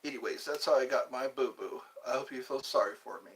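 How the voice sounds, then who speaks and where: In a fast, mid-range voice, a livestream host keeps up a casual live chat, joking around as he reads out comments from his viewers.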